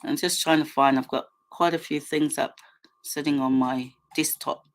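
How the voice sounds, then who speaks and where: Her voice sits low and steady at a normal speed. She's a middle-aged livestream host with a New Zealand accent, speaking into a computer mic in a casual, impassioned, rambling manner full of fillers and restarts.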